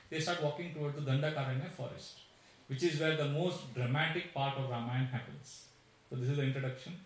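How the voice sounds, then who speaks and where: A man's voice: mid-range voice, far from the mic, a little hiss or hum. Echoey storytelling spiritual teacher, man. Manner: animated storyteller, acts out quotes. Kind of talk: storytelling talk. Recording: very echoey room, voice from afar.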